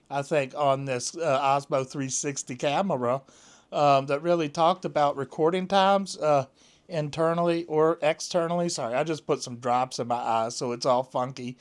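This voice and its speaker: A man vlogging casually at home, rambling with lots of fillers and restarts. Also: fairly high pitch. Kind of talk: casual chat to camera.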